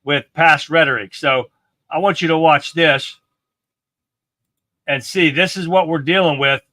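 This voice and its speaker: A man's voice: a little high, unhurried, sharp tone, no room sound. A man hosting a livestream, delivering a scornful, profane political rant. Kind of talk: angry commentary rant.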